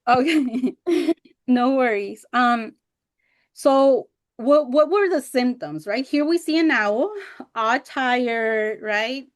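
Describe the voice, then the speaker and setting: A woman's voice: high voice, slow. A woman in her thirties presenting a teacher workshop over a video call, telling personal stories candidly and expressively, sometimes getting emotional. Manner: candid and expressive, acts out past remarks in animated voices; emotional when recalling hard times.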